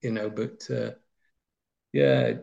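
Speaking slowly but with great animation, this man has a lowish, creaky, somewhat mellow voice. He's from Nottinghamshire and rambles through anecdotes about his football days, using plenty of fillers. The audio is lo-fi and slightly muffled.

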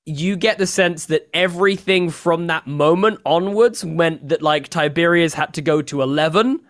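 Player telling their character's backstory, casual, lots of uhs and restarts. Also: mid-range voice. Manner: casual, halting, many fillers. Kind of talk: playing a tabletop game.

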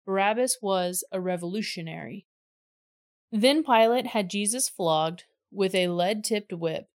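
A woman's voice: medium pitch, unhurried. Woman reading scripture steadily. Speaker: scripture reader.

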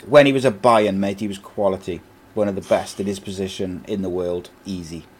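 Chatty low-voiced man hosting football talk. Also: steady tone, a little fast, slight background noise. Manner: chatty, reads out listener comments. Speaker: podcast host. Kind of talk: casual football chat.

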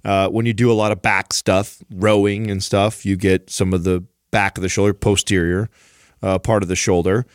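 A man's voice: low-pitched, level tone, normal speed, dry recording, clean studio sound. A man co-hosting a podcast, telling a rambling, self-mocking story in casual chat. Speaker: podcast co-host.

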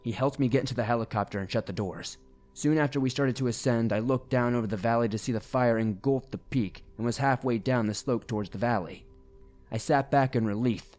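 A man reading a first-person horror story aloud in a steady, grave storytelling manner. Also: mid-range voice, a little fast. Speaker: narrator. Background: faint music.

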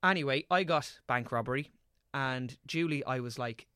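A man of twenty-seven, an actor chatting as a podcast guest and telling animated stories, swearing casually. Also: mid-range voice, moderate pace, clean tone, no room sound, studio quality.

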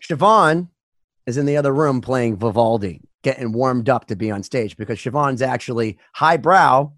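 A middle-aged man co-hosting a podcast, an animated storyteller who swears freely and acts out voices. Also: mid-range voice, moderate pace, dry recording, studio quality. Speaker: podcast co-host, musician. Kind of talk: casual chat.

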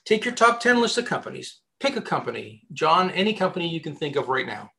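A man, a headhunter, giving job-hunting advice in a casual interview, talking in an animated way with many restarts. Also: a little high, fairly quick, creaky. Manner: animated, chatty, many restarts and repeated words.

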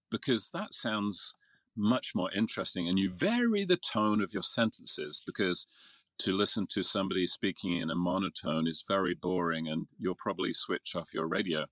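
A man's voice: deep voice, big pitch swings, moderate pace, a bit bright, no room sound. A middle-aged man from England, a voiceover artist, chatting casually in an interview, self-deprecating and laughing often.

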